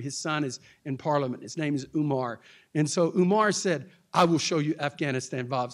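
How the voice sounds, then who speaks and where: A man from Texas, a pastor, telling a story, laughing often and acting out the other people in it. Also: on the high side. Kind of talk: storytelling talk.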